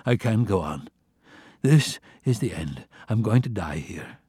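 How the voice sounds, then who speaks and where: A man's voice: lowish voice, lively intonation, breathy edge, no echo, studio quality, full character voice. A man reading as a worn-out old father. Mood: pleading. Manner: weak, pleading, slow and soft. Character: exhausted, dying old father, man, pleading and gentle.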